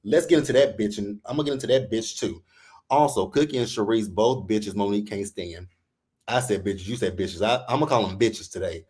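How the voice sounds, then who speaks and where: Speaking a little fast in a fairly low voice, this male reality TV recap host delivers a heated, casual rant. Exasperated and animated, he swears freely and mimics the people he quotes with put-on voices.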